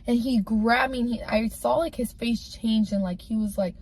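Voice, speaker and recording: Woman, casual storytime, candid and rambling, filler-heavy, slightly high voice. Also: steady tone, fast, creaky, few pauses, darkish tone, slightly rough. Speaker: storyteller sharing a personal story.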